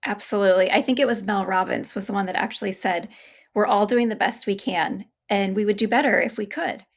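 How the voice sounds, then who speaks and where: A woman's voice: medium pitch, steady tone, a little fast. A woman hosting a podcast interview, speaking in an agreeable, reflective and affirming way. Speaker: podcast host.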